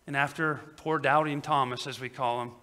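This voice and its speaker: A male pastor preaching a sermon, swinging between loud emphatic peaks and quiet low asides. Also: fairly even intonation, normal speed, big-room sound. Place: church sanctuary.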